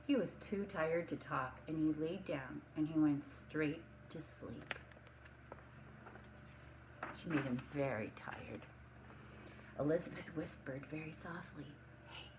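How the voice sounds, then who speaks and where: A woman reads a children's storybook aloud with lively expression. She stops now and then to talk to the young listeners about the story. The room has a noticeable echo. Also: fairly low pitch, a little hiss or hum. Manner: expressive, adds comments to children. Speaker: preschool teacher reading aloud.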